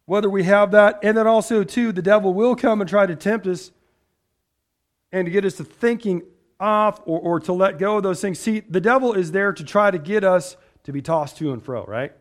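A man's voice: sits high, normal speed. A man preaching a sermon, reading scripture aloud and stressing points with repeated rhetorical questions. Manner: rhetorical questions, emphatic and repetitive.

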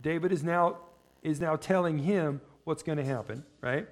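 A man preaching a sermon in a conversational way. He asks the congregation questions and slows down when reading scripture. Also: a little high. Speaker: pastor.

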